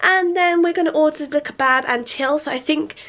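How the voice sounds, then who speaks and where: A woman's voice: high voice, brisk, a bit bright. A young woman chatting casually to camera at home, rambling a little and correcting herself as she goes. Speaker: lifestyle vlogger. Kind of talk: casual vlog chat to camera.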